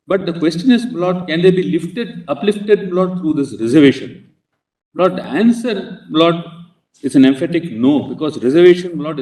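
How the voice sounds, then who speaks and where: A man with an Indian accent, arguing as an advocate before a court in a formal, halting manner, constantly addressing the bench. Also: fairly high pitch, a little mellow. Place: large courtroom. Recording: roomy courtroom audio from a distance.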